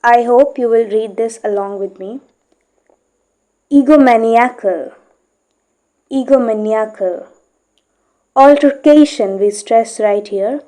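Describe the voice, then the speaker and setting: A woman's voice: fairly high pitch, steady tone, moderate pace, hardly any pauses, mellow. A woman teaching English pronunciation, reading a passage from a book aloud and explaining it step by step, with frequent "okay?" checks.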